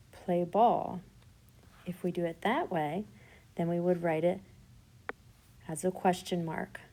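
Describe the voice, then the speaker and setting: A woman teaching a recorded grammar lesson, reading example sentences slowly and deliberately. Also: on the low side, mellow. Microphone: tablet microphone.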